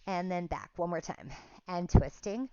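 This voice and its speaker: A woman's voice: fairly low pitch, a little slow, warm tone, dry recording, lo-fi sound. A woman teaching a pilates class online, counting reps aloud and chatting in a casual, self-deprecating way. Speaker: pilates instructor. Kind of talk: guided workout instruction.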